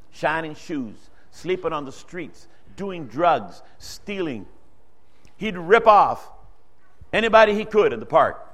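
A man of Dutch-speaking background preaches a sermon, telling a testimony story earnestly. Like a storytelling preacher, he lets his voice rise and drop in both pitch and loudness.

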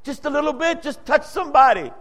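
A man's voice: lively intonation, quick pace. A man preaching a sermon, telling a testimony story in an earnest, storytelling way, his voice rising and falling. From Dutch-speaking background. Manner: earnest storytelling preacher, rises and drops in pitch and loudness.

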